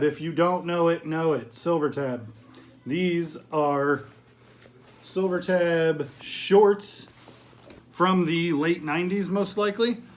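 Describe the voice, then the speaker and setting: A middle-aged man with a voice pitched a little high talks through items he has sold. His delivery is chatty and easygoing, with frequent ums and restarts, in the loose style of a casual vlog. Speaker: eBay reseller and channel host. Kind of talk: casual thrift haul vlog chat.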